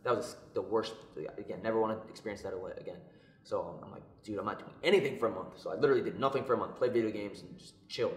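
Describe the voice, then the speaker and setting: Young guy rattling off a story quick, lowish voice, roomy echo. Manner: animated, acts out quoted voices. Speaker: podcast co-host. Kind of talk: casual storytelling. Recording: echoey room.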